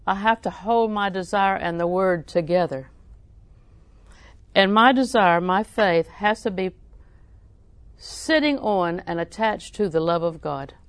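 A woman's voice: medium pitch, measured pace, long pauses, clear, resonant tone, no room sound. A woman preaching a sermon, telling folksy stories with frequent laughs and repeating scripture lines for emphasis.

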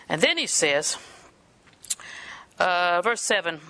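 A woman's voice: mid-range voice, moderate pace, bright, forceful tone. An older woman preaching a sermon, telling folksy family stories and laughing often between points.

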